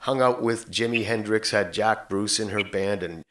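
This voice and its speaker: A man hosting a podcast interview, asking measured questions and summing up his guest's answers. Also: lowish voice, a bit bright.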